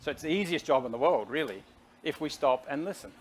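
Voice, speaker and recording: A man's voice: on the high side, fast, slight background noise. A middle-aged man, a CEO guest making his case energetically in an on-stage interview. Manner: energetic, persuasive, talks to the audience directly.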